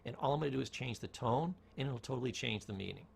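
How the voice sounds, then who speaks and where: Man, motivational speaker, raspy fry in the voice, storytelling, rhetorical questions. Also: medium pitch, expressive, quick pace. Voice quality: gravelly, husky voice. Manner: storytelling, asks rhetorical questions, varies tone for emphasis. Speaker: speaker on communication. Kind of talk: motivational talk.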